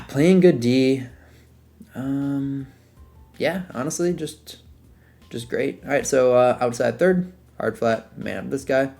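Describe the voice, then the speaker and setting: A young man talks through his football video game plays in an easygoing, rambling way, full of fillers and restarts. His voice has a gravelly edge and sits at an ordinary pitch. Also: slow pace, faint music behind. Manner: relaxed, rambling, filler-heavy breakdown of plays. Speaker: gaming content creator. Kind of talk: casual gameplay commentary.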